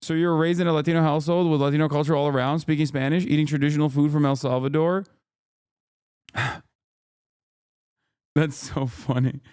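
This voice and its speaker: An exasperated man in his thirties hosts a livestream and rants in casual commentary, swearing freely as he reads posts aloud. His voice sounds smooth and resonant. The sound is dry and close, with no room around it. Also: fairly high pitch, steady tone, a little fast, long pauses, a little mellow, no room sound. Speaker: streamer host.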